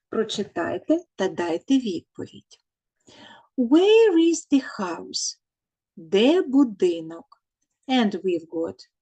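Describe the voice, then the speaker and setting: Woman teaching English to kids, very unhurried, dictates and repeats answers, mid-height voice. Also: medium pitch, a little mellow, rough recording. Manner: slow and repetitive, dictating answers, translating into Ukrainian. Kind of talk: recorded English lesson for children.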